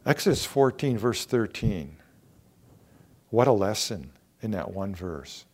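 A man preaching a sermon, earnest, repeating key phrases for emphasis and swinging between quiet and emphatic delivery. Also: fairly low pitch, big pitch swings, slow pace. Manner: earnest, repetitive emphasis, rising and falling in intensity.

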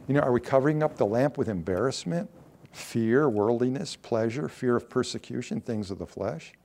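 A man preaching a sermon at an average pitch, reading scripture aloud and giving the quoted lines dramatic weight. Between readings he drops into a low, earnest tone. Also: lively intonation, moderate pace, gravelly, a little mellow. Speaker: pastor.

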